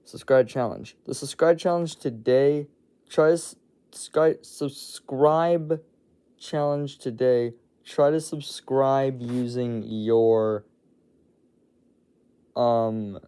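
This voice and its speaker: Slow-talking young man hosting a video. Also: medium pitch, mellow, clean tone. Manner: rambling, trips over his words. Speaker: host. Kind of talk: casual video intro.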